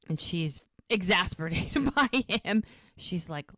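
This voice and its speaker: A woman's voice: deep voice, measured pace, vocal fry, dry recording, clean studio sound. A woman co-hosting a podcast, recapping a TV episode in casual chat and acting out the characters' lines. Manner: retells scenes acting out the lines in lively voices. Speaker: podcast co-host.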